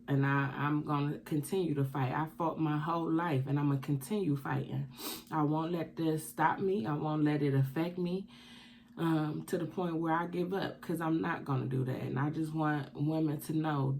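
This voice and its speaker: This keto mukbang vlogger has a low-pitched, creaky, slightly mellow voice with fairly even intonation and a moderate pace. Tearful, she delivers an emotional personal vlog confession, hammering her points home with preaching repetition.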